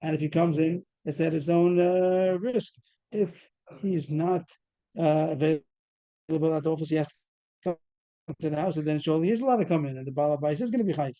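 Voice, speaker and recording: A man's voice: a little high, fairly quick, warm tone. A man teaching a Talmud class over a video call, explaining a case step by step and quizzing the students. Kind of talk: fast Talmud study lecture.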